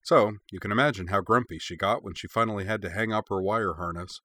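A man reading the lines of a warm, teasing woman with a dry, deadpan humor, in a read-aloud story. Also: lowish voice, fast, no echo. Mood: fond teasing. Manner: fond, wry, deadpan humor. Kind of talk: read-aloud fan fiction.

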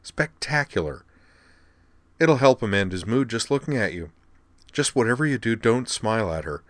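A man voicing a breezy, cheeky young woman pilot officer in an audiobook, teasing and quick. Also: medium pitch, expressive, dry recording, voice pushed up, lightly acted.

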